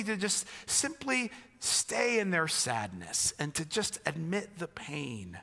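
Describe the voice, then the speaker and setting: A man from the United States preaches a reflective sermon in a high, bright voice. He often restarts and repeats his words, and he grows animated when he quotes other people. His voice rings with long reverb through a church sanctuary. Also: takes it slowly, creaky, few pauses. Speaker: pastor.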